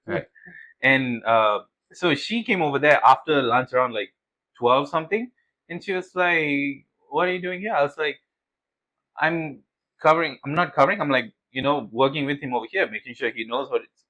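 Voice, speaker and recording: A man's voice: on the high side, moderate pace, low-quality recording. A young man co-hosting a podcast, telling stories in casual chat, acting out quotes and swearing as he goes. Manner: animated storytelling, swears, acts out quotes. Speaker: podcast co-host.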